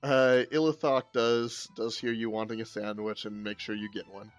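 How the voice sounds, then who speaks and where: A man narrating as game master in a casual tabletop game, relaxed and hesitant. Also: lowish voice, moderate pace, no echo, faint music behind.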